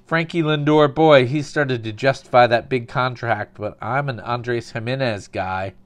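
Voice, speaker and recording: A man's voice: mid-range voice, measured pace. A man casually narrating a card opening, calling out cards and telling dry, absurd little stories between pulls.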